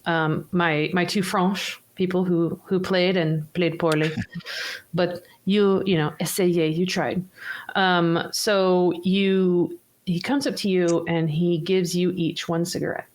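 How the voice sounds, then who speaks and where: Woman GM, slightly low voice, rambles through scenes with many fillers. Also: level tone, slow. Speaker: game master. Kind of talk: narrating a tabletop game.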